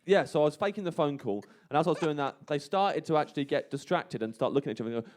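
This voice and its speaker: A man's voice: a little high, expressive, racing. Man telling a rambling comic story. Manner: rambling storyteller, quiet when quoting people. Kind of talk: casual radio chat, anecdote. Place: radio studio. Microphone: studio microphone.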